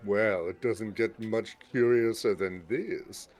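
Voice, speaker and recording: A man's voice: on the low side, takes it slowly, darkish tone. A man voicing a flamboyant, rotund male magic shopkeeper in a fantasy game, with showy salesman patter. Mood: welcoming.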